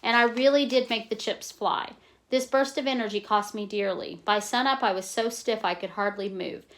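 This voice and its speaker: A woman reading a novel aloud in a plain, steady way, stopping now and then to explain in casual asides. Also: on the high side, moderate pace. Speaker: reader.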